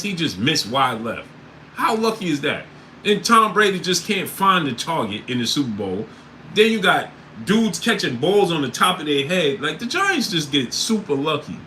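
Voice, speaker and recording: Animated male sports livestream host. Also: mid-range voice, slight background noise, poor audio. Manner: animated, loud bursts of disbelief, reads chat names. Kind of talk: casual livestream chat.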